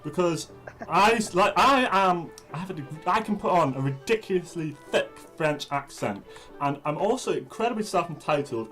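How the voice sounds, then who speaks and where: A man rambling through a comic self-pitch in a party game, with lots of restarts. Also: a bit bright. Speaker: player. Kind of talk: casual game chat.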